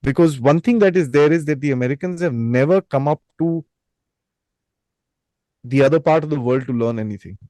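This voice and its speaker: A man's voice: a little high, fairly quick, long pauses, dark tone, no echo, low-quality recording. A man, a guest giving opinions emphatically with rhetorical questions. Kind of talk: opinionated talk.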